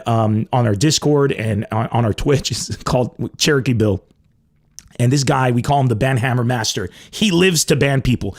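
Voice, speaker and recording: A man hosting a comedy podcast, riffing in an emphatic, profane monologue that swings between loud bursts and low asides.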